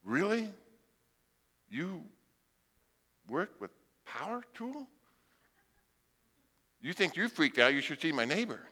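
A blind man preaches a sermon full of humorous stories, animatedly acting out voices. His voice sits on the high side, slow and often pausing, with a long reverb tail.

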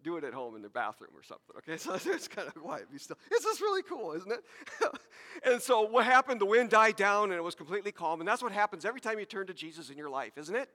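A man's voice: sits high, sing-song, quick pace, pushed and bright, long reverb tail. A man preaching a sermon to his congregation, talking conversationally with repeated words and asides. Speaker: pastor.

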